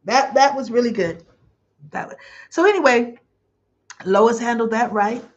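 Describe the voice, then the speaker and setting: A woman hosting a live soap opera comment show. She chats casually, reads viewer comments aloud, and talks in an effusive, emotional way with drawn-out exclamations. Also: fairly high pitch, dull audio.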